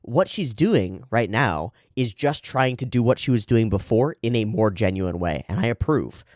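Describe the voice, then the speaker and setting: A man's voice: fairly low pitch, expressive, normal speed, darkish tone, no echo, clean studio sound. A man hosting an anime reaction video, talking casually and animatedly, often laughing and swearing as he comments.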